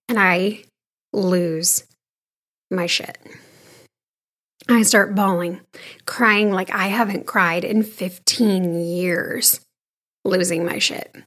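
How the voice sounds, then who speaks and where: A woman in her thirties candidly recounting a personal experience in a conversational, frank way, sometimes dropping to a hushed voice. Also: medium pitch. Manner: frank, conversational, shifting between hushed and animated. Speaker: storyteller sharing a personal experience.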